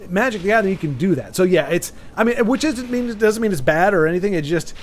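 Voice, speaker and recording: A man streaming a game and chatting casually, rambling with frequent restarts and sudden excited bursts. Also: sits high, fast talker. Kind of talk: casual chat while gaming.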